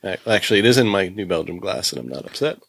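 A man's voice: low voice, sing-song, fast talker, breathy edge, no echo. A man co-hosting a podcast in a dry, teasing way. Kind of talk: casual podcast banter.

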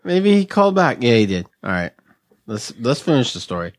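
A man's voice: medium pitch, very animated, a little fast, dry recording, studio quality. A man hosting a podcast, laughing and reacting to voicemails. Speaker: podcast host. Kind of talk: casual podcast chat.

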